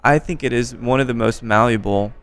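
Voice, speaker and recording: A man hosting a podcast interview, relaxed and joking, swearing casually. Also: medium pitch, brisk. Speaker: podcast host. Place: bar by a window.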